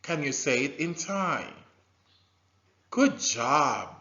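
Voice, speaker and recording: Man, teacher, scripted lesson for kids, very slow, lively, drills words, dull lo-fi audio. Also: fairly high pitch. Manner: slow, animated, with drilled repetition and loud praise. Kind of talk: scripted lesson for young learners. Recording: dull lo-fi recording.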